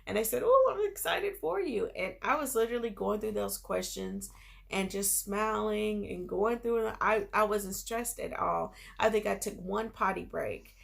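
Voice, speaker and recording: Woman, 30s, school nurse. Upbeat, encouraging storytime delivery with a gravelly edge. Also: mid-range voice, normal speed. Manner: excited bursts when retelling good news. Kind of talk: storytime vlog.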